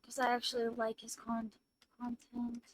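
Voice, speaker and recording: A woman streaming as a VTuber, chatting casually in a rambling, flustered way, apologizing and breaking into loud outbursts. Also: a little high, monotone, moderate pace, rough recording. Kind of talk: casual live-stream chat.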